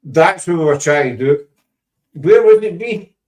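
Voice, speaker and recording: A man's voice: on the high side, lively intonation, unhurried, darkish tone, reverberant, recorded from a distance. A Scottish man with a Glaswegian accent, chatting casually and rambling as the host of a paranormal show. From Scotland. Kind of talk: casual chat.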